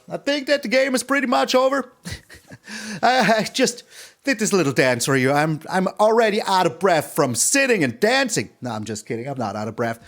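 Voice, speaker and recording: Young guy playing and commentating, teasing his opponents, high voice that's all over the place. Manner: playful, taunting, sing-song, swings between excited highs and low mutters. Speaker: game streamer. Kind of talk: casual gameplay commentary.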